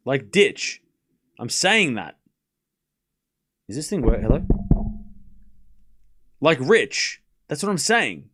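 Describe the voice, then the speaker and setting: A man's voice: on the high side, very animated, a little slow, pauses often, a bit bright. An Australian man hosting a live tennis watchalong, chatting casually and replying to his chat. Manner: playful, repeats words, responds to chat. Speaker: livestream host.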